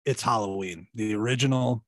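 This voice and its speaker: A man co-hosting a podcast in casual chat, speaking bluntly and with emphasis. His voice is of middle pitch. The recording is dry and close. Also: a little fast, fairly bright tone, dry recording. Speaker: podcast co-host.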